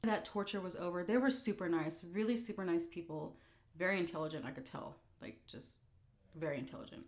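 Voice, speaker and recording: A woman's voice: lowish voice, a little fast, hardly any pauses, a little mellow. A woman vlogger telling a story while eating, candid and blunt, rambling with fillers. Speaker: mukbang vlogger.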